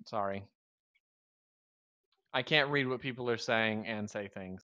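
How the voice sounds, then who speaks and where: A man's voice: fairly low pitch, a little slow, sharp tone, muffled recording. A man in his thirties from the Southern US, co-hosting a live stream in a wry, rambling, joking way. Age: 30s. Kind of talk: casual live stream chat.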